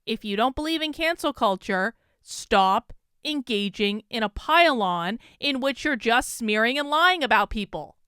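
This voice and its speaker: A woman's voice: on the high side, lively intonation, a little slow, pushed and bright, clean tone, dry recording, clean studio sound. A woman from Vermont with a Vermont accent, giving indignant, emphatic video commentary on an online feud. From Vermont, USA. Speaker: commentary YouTuber.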